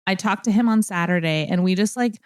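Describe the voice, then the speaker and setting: A woman co-hosting a podcast, chatting casually and retelling a story with animated asides. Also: medium pitch, fairly quick, clear, resonant tone, no echo, clean studio sound. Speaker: podcast co-host. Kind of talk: casual chat.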